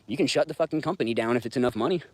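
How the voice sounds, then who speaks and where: A man's voice: medium pitch, very fast, darkish tone. A man in his thirties with a Southern US accent, hosting a livestream and ranting bluntly and profanely to his chat. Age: 30s. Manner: profane, blunt, rambling, talks straight to chat. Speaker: livestream host. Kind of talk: casual livestream rant.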